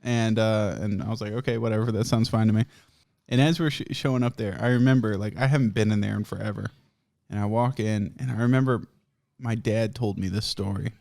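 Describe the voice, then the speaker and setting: A man's voice: on the low side, fairly quick, creaky, a little mellow. A man hosting a podcast, telling a rambling, profane story in a casual way and laughing often. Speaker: podcast host.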